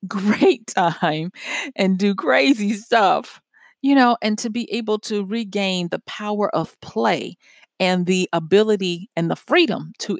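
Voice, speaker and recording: Animated woman giving a pep talk. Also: medium pitch, dry recording, studio quality. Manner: animated, self-correcting, laughs at herself. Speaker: writer giving self-help talk. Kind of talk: casual motivational monologue.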